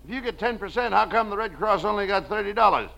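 A man's voice: sits high, animated, quick pace, gravelly, dull audio. A man playing the scolding, exasperated straight man in a 1940s radio comedy show. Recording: noisy live radio show with audience.

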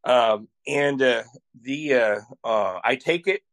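Excitable iowa guy on a podcast, telling road-trip food stories, laughing along. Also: medium pitch, slow. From Iowa, USA. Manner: animated, excitable storyteller who laughs often. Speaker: podcast guest, Iowa travel show creator. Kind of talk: casual interview storytelling.

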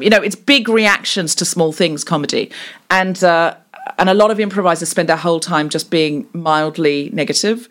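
Chatty lower-voiced woman comedian. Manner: animated, slips into quick voiced mini-scenes while explaining; chatty with frequent fillers and restarts. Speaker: podcast guest, comedian and improv teacher. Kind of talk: conversational interview.

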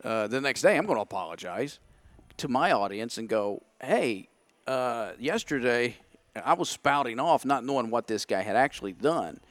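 A man's voice: mid-range voice, moderate pace, no echo. Guy telling a long story, voice jumps all over, dry close sound. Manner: animated storytelling, acts out his own past thoughts. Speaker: podcast guest. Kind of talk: casual chat.

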